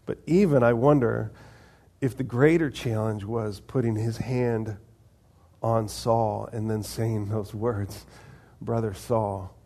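A man's voice: fairly low pitch, steady tone, slow, mellow. A man preaching a conversational sermon, asking the congregation questions and acting out little dialogues. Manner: conversational, asks the audience questions, acts out voices of God and people. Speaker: pastor.

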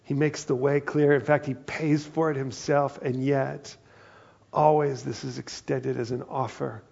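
A man preaching a sermon in a relaxed, conversational way, often voicing the people in his story. His voice is gravelly and a little husky, at a middle pitch. The recording sounds dull and lo-fi. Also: a little slow. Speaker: pastor.

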